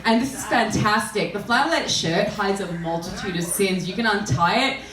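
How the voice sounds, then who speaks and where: A woman's voice: mid-range voice, normal speed, a bit bright. A woman telling crude, self-deprecating stories in a live comedy set, often laughing through her lines. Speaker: stand-up comedian. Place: small live performance venue. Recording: roomy live room, far from mic, audience noise. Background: audience laughing and reacting.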